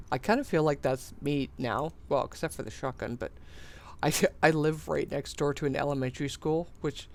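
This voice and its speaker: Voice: medium pitch, moderate pace, gravelly. An adult gaming streamer telling stories in casual, rambling chat, often chuckling and sighing and swearing a little. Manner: meandering, chuckling, sighing, mildly profane. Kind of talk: casual rambling storytelling while playing.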